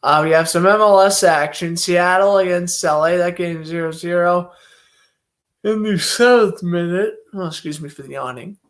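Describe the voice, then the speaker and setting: A man's voice: sits high, normal speed. A young man doing casual solo play-by-play commentary and predictions, chatty and thinking aloud with many fillers.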